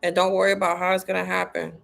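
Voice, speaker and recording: On a casual livestream, a spiritual content creator talks to her viewers about spirituality, blunt, profane and heavy on slang, repeating herself for emphasis. Her voice is fairly low and fairly flat, racing and creaky with a slightly bright edge.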